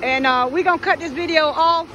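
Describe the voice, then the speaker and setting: Brief: high-voiced woman, blunt, mocking vlog commentary, phone recording by a road. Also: brisk, pushed and bright, poor audio. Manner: blunt, teasing, profane. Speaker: vlogger filming a roadside scene. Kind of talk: casual running commentary. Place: outdoors by a road in traffic. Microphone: phone camera. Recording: phone audio with road noise. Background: passing traffic.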